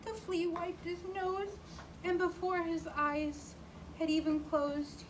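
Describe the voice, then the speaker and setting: A woman reading a picture book aloud to a child in a slow, sing-song way, stopping to ask questions. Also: extremely high pitch, steady tone. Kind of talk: read-aloud storytelling. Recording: distant mic with clear background noise.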